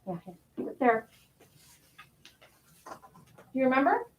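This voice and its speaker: High, lively woman cooing at a dog. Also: takes it slowly, muffled recording. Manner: cooing, affectionate talk to a pet. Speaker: dog groomer. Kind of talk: live stream, talking to a dog.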